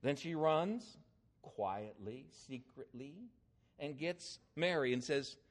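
An older man preaching a sermon, telling a story with swings in emphasis and loudness. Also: on the high side, animated, slow.

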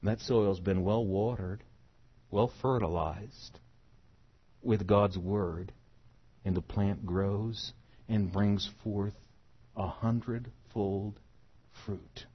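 A middle-aged preacher delivers a sermon in a low, husky voice. He is emphatic and swings from soft to loud. The recording sounds muffled and dull. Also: fairly even intonation, extremely slow, pauses often. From United States.

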